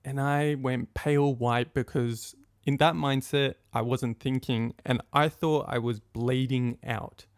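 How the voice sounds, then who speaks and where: Young male podcast host, gravelly voice, dry close recording, animated storyteller who acts out the quotes. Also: mid-range voice, a little slow, dry recording. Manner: animated, acts out quotes of friends and his own past thoughts. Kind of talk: personal storytelling monologue.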